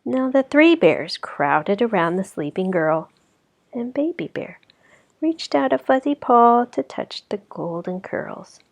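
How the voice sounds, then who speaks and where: A woman's voice: fairly high pitch, creaky. A woman reading a children's story aloud, expressively, at times dropping to a whisper. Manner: expressive, slow, sometimes whispering.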